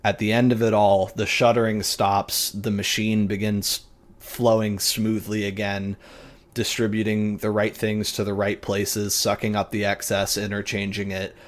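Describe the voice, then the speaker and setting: A man runs a tabletop game, narrating in a relaxed, profane, vivid way. His voice sits low and he takes his time. He fills the pauses with ums and uhs. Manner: casual, vivid and profane, with many fillers. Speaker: game master.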